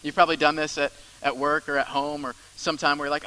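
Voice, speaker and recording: A man's voice: fairly high pitch, level tone, fast, bright, forceful tone, smooth, poor audio. A man preaching a sermon as the church's pastor, in a conversational style with asides and repeated phrases.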